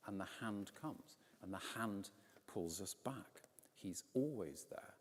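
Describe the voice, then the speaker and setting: Deep-voiced vicar preaching in a reverberant church. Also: male voice, takes it slowly. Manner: conversational, animated storytelling with quoted voices. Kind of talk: sermon. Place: large stone church, in a pulpit.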